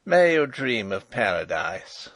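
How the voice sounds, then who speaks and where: A man's voice: medium pitch, very animated, moderate pace, creaky, no echo. Man putting on a harsh, grating English jailer, sneering. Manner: sneering, mocking. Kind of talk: audiobook character reading.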